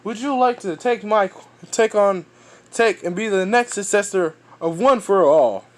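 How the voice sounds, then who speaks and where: A grand superhero mentor hands out slow, booming praise to his young student, as a man puts him on while retelling a fan story. The voice sits a little high for a man.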